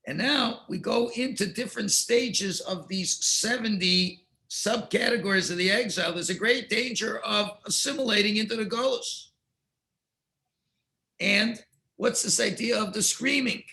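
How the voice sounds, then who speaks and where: A man teaching a Torah class, telling parables in an animated way and mixing in Hebrew and Yiddish terms. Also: sits high, vocal fry.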